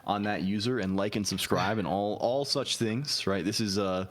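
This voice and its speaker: A man in his twenties, a guest on a casual stream, with a somewhat low voice. He rambles and trips over the starts of his sentences, repeating words before he gets going. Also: moderate pace. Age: 20s.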